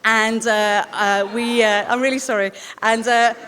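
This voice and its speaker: Woman putting on a fumbling American male journalist, eager, halting, higher voice, long hall reverb. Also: steady tone, a bit bright. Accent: American (put on). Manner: hesitant, stumbling with fillers.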